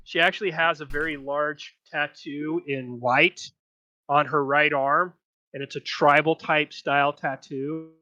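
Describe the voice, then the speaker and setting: A man's voice: fairly high pitch, fairly even intonation, measured pace, pushed and bright, dry recording. A man narrating as game master, talking in a loose, chatty way with frequent restarts. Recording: slightly dull lo-fi mic.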